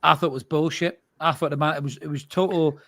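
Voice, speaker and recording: A man's voice: on the high side, steady tone, brisk, a bit bright, no echo, clean studio sound. A man, co-hosting a fan podcast and ranting bluntly in a heated live reaction, swearing freely. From North East England.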